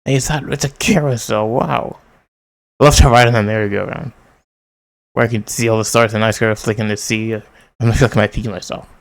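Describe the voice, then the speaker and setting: A man's voice: lowish voice, gravelly. A man casually reading a manga aloud, reading out the character lines, commenting and laughing as he goes. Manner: reads character lines in quick voices and laughs often; excited outbursts. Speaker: manga reader. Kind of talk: casual read-along with commentary.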